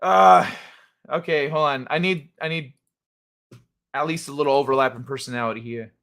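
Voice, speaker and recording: A man's voice: mid-range voice, steady tone, moderate pace, fairly bright tone. A man hosting a casual livestream, rambling and joking with his chat. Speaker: livestream host.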